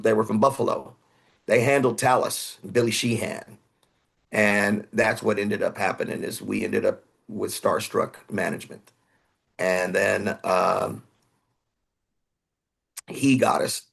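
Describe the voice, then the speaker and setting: A man's voice: on the low side, vocal fry, breathy edge. A man, telling rambling stories as a podcast guest and sometimes acting out other people's voices. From Houston, Texas. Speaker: guest musician. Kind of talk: casual interview storytelling.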